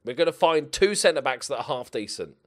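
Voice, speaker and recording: Animated man commenting on a game. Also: mid-range voice, a little fast. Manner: animated, swears at his players, mutters to himself. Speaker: gaming channel host. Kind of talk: playing and commenting on a football management game.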